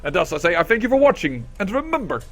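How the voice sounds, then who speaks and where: A man's voice: high-pitched, very animated, quick pace, a bit bright. A man hosting a let's play, reading game dialogue aloud and rambling in a self-deprecating way into a desk microphone.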